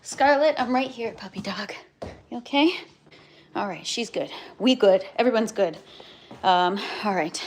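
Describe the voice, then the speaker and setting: A woman's voice: on the high side, takes it slowly, a little hiss or hum. A woman hosting a casual home livestream from her grow tent and kitchen, chatting, laughing often and greeting viewers by name. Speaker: livestream host.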